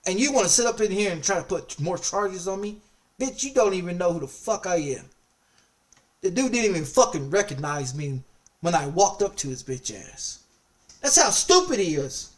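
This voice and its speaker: A man's voice: sits high, sing-song, normal speed, recorded from a distance. A man streaming a casual chat, telling a story in an angry, profane way and repeating himself often. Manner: angry, profane, heavily repetitive.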